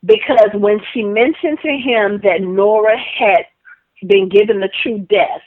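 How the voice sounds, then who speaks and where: A woman co-hosting a casual TV recap, talking in an animated, gushing fan manner. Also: mid-range voice, a little slow, no room sound. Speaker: podcast co-host. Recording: tinny phone-line sound.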